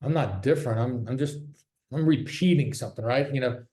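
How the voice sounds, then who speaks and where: A man's voice: mid-range voice, a little fast, dark tone. A man who sells real estate, giving a casual, candid talk from his office, joking and swearing freely. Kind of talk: casual presentation. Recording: roomy echo.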